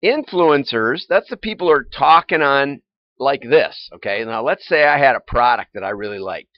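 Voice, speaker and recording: A man's voice: medium pitch, lively intonation, moderate pace, no room sound. An older man hosting a casual livestream, chatting in a rambling way and chuckling often as he goes over news items. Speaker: livestream host. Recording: dull, lo-fi, dry livestream audio.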